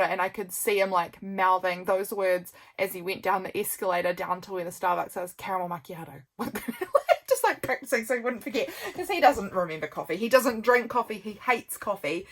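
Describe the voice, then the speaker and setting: A woman's voice: medium pitch, moderate pace. A woman chatting casually while flipping through her journal, rambling with lots of "um" and "like", her voice worn out from a long filming session. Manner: rambling, with frequent "um" and "like" and soft laughs. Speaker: junk journal vlogger.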